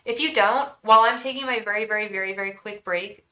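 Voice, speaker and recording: Bright-voiced chatty woman tarot reader. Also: medium pitch, fast, low-quality recording. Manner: rambling, chatty, talks straight to viewers. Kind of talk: casual livestream chat.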